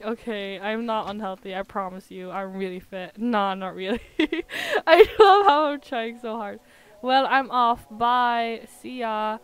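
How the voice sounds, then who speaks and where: A woman streaming a game from home, chatty and giggly, sounding tired with her voice going hoarse. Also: mid-range voice, moderate pace, soft background music. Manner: chatty, giggly, self-mocking. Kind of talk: casual live gaming commentary.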